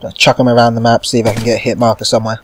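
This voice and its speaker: A man's voice: mid-range voice, little pitch movement, racing, slight background noise. A man giving casual gameplay commentary, rambling and chatty and swearing now and then. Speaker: gaming channel host.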